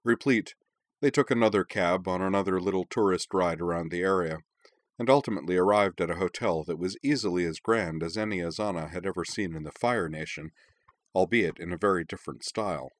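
A man reading a novel aloud in measured, even storytelling narration. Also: low-pitched, no room sound. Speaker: audiobook narrator. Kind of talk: scripted narration.

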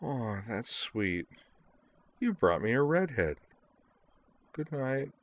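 A man voicing a sleepy young woman in a storybook reading, drawling slowly and mumbling. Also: medium pitch, big pitch swings, pitched above the performer's own voice.

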